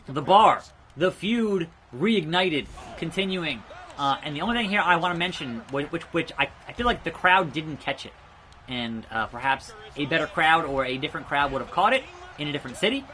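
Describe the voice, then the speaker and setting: Chatty young man with a bright voice. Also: fairly high pitch. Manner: chatty, rambling, reacts loudly to gameplay. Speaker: gaming YouTuber. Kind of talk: let's play commentary.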